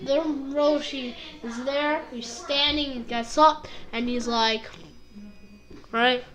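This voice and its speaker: A woman's voice: high voice, steady tone, a bit bright. A woman casually reviewing an anime episode, rambling with lots of fillers and acting out bits of dialogue. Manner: rambling, full of fillers and quick impressions.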